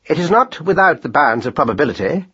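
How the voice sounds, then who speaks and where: A man's voice: a little high, big pitch swings, fast talker, a bit bright, a little hiss or hum, voice pushed up. A man voicing a pompous father mouse who speaks ponderously and corrects everyone, on a dull lo-fi recording.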